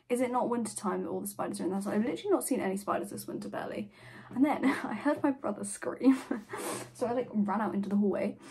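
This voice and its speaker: A woman's voice: mid-range voice, a little mellow, a little hiss or hum, low-quality recording. Chatty, dramatic teenage girl. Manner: gushing, dramatic, swears freely. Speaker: vlogger. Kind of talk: casual vlog chat.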